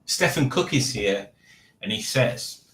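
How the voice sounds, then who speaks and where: Jokey man, lively pitch. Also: slow, roomy sound, a little hiss or hum. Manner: rambling, jokey, reads viewer comments aloud. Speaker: live-stream quiz host. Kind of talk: casual chat.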